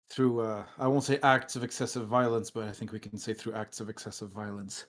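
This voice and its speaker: A man acting as game master runs a tabletop game on a stream, chatting casually into a computer mic with dry, sarcastic jokes and lots of laughter. His voice is medium-pitched, level, and a bit bright, at normal speed with hardly any pauses.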